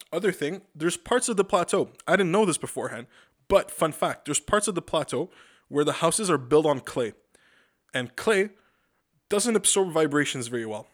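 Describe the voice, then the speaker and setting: Rambling, profane podcast host man. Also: on the high side. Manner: rambling, profane, stammering restarts. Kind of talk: casual comedic monologue.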